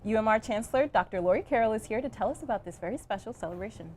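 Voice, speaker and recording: A woman's voice: on the high side, expressive, rapid-fire, a little mellow, a little hiss or hum. Upbeat woman TV host. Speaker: TV show host. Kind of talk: scripted segment narration and interview.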